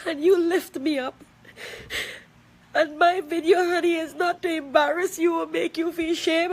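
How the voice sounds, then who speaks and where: A middle-aged woman with a Trinidadian accent making an emotional personal video statement, tearful and emphatic, repeating herself for weight. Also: sits high. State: crying at times.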